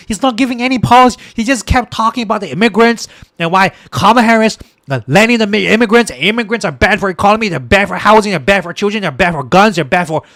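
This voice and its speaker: A man's voice: sits high, a bit bright, no room sound. A man hosting a political podcast stream, ranting in exasperation at his viewers with many stumbling restarts. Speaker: political podcast host and livestreamer.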